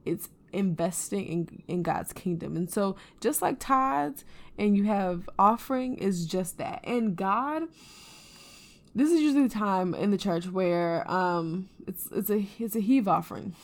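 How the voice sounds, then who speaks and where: A woman co-hosting a casual faith podcast, telling a personal story in an earnest, animated way. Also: mid-range voice, a little slow. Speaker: podcast co-host.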